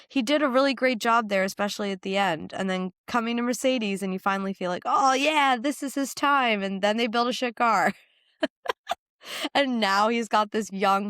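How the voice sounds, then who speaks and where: A woman's voice: mid-range voice, fairly bright tone, clear, resonant tone, no room sound, studio quality. A woman from the United States co-hosting a motorsport podcast, chatting casually and frankly with frequent laughs. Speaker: podcast co-host. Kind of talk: casual chat.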